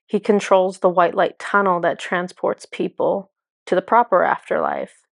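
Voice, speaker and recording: A woman's voice: on the low side, fairly even intonation, normal speed, gravelly, no room sound, clean studio sound. A woman speaking as a spiritual channeler in a casual, enthusiastic monologue full of fillers. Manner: chatty, filler-heavy, enthusiastic.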